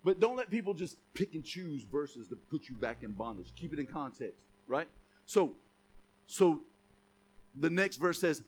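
High, bright-voiced man preaching. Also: big pitch swings, normal speed. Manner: emphatic, asks the congregation rhetorical questions. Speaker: pastor. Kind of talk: preaching a sermon.

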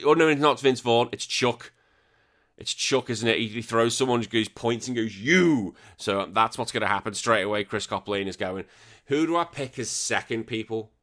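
An excitable young man from the UK hosts a retro gaming podcast, reading listener messages and riffing on them. His voice sits a little low yet sounds bright and forceful, and he laughs and swears freely as he talks. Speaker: podcast host. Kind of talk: casual chat reading listener comments.

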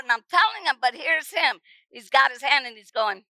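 A middle-aged woman preacher telling her testimony with emphasis, often repeating words and rising to shouts at the dramatic moments. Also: high voice, big pitch swings, a little fast, no room sound, poor audio. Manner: repeats words when stirred. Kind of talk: testimony sermon.

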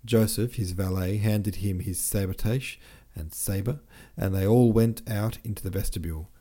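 A man narrates a classic novel for his podcast in a steady, measured manner. His voice is low and mellow, unhurried and even. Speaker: audiobook podcast host.

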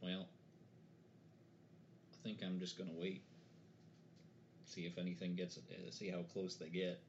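A man's voice: low voice, completely flat delivery, a little slow, lo-fi sound, a little hiss or hum. A man playing a tabletop game in casual chat, hesitant with many restarts and dry humor. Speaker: player.

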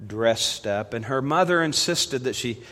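A man preaching a sermon as pastor, telling stories and swinging from loud emphasis to hushed appeals. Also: mid-range voice, expressive, a little slow. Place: church sanctuary. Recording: long reverb of a church hall.

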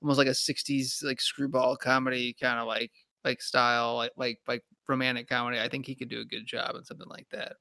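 A man of middle pitch chats on a podcast, pausing and restarting with many fillers. The sound is close and dry. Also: little pitch movement, vocal fry, bright, forceful tone, dry recording. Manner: halting, repeats "like" a lot. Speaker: podcast co-host. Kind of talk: casual chat.

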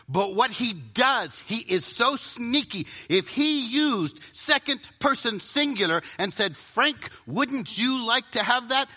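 Before a live audience, a middle-aged man with a high-pitched voice preaches dramatically, often dropping to a hush for emphasis and acting out inner voices.

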